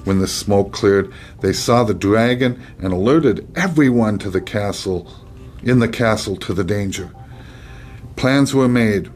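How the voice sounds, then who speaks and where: A man's voice: on the low side, a little mellow. A man hosting a podcast, reading a children's storybook aloud with chatty, joking asides.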